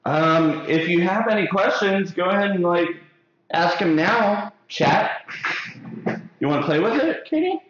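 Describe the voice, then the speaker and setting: A man's voice: high voice, animated, a little slow, a bit bright. Joking male hairstylist, echoey room. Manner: joking, playful, many "like" fillers. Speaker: hairstylist host of a live haircutting show. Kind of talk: casual chat during a live stream. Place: hair salon classroom. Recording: very echoey room, dull sound.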